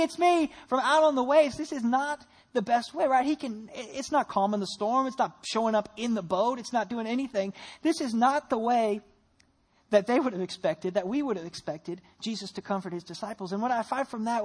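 A woman preacher delivers a lively sermon with a somewhat high, husky voice. She retells the stories vividly and asks her listeners a string of rhetorical questions. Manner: animated storytelling with rhetorical questions.

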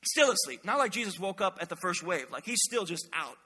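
Bright, high-voiced pastor preaching. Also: male voice, brisk, husky, in a large hall. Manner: animated storytelling, acts out quoted voices. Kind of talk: sermon.

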